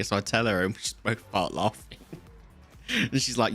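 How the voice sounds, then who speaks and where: A man's voice: mid-range voice, lively intonation, brisk, fairly bright tone. A man, chatting casually to viewers on a live game stream and rambling through a story. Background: faint music.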